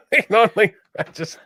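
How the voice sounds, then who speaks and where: A man co-hosting a casual podcast chat, telling stories in a lively way and acting out the voices of people he quotes. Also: high voice, dry recording, studio quality. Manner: animated storyteller, acts out quoted voices. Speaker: podcast co-host.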